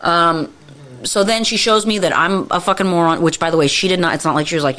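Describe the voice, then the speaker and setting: A woman's voice: fairly low pitch, fast talker, fairly bright tone. A woman co-hosting a podcast, telling a story in casual chat with constant swearing and exasperated venting, acting out her own past lines. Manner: profane, exasperated ranting. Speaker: podcast co-host.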